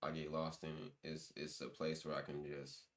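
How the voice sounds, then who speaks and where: A man's voice: a bass voice, monotone, moderate pace, fairly bright tone. A young man, a guest musician, telling stories in loose, slangy casual chat with lots of restarts.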